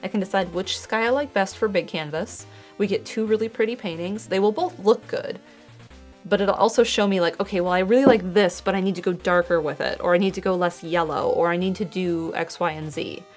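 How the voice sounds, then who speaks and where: A woman's voice: lowish voice, fairly quick, faint music behind. Chatty woman explaining her painting. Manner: chatty, explains as she works, reads chat aloud. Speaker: art streamer. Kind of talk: casual chat while painting.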